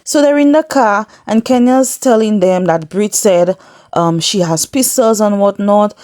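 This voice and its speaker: A woman's voice: mid-range voice, measured pace, a little mellow, no room sound, clean studio sound. A woman giving a casual recap of a reality show, chatty and incredulous, laughing often as she tells it. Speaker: recap vlogger.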